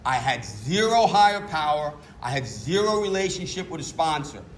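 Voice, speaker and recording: A man's voice: a little high, big pitch swings, normal speed, a little hiss or hum. A middle-aged man giving candid, self-mocking recovery testimony as a meeting speaker. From New York. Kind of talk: personal testimony talk.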